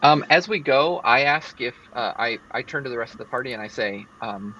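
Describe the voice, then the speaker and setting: Halting man playing a tabletop game. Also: mid-range voice, lively intonation, bright, forceful tone, lo-fi sound, slight background noise. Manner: halting, self-correcting. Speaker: player. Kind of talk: casual tabletop role-play.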